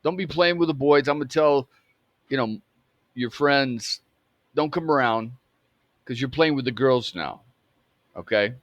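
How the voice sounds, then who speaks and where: A man acting out an angry, mocking middle-aged father who swears and belittles his son. His voice sits at a middling pitch. The sound is dry and close. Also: measured pace, pauses often, no echo, highs cut off, natural voice. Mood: scornful. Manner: harsh, mocking, profane.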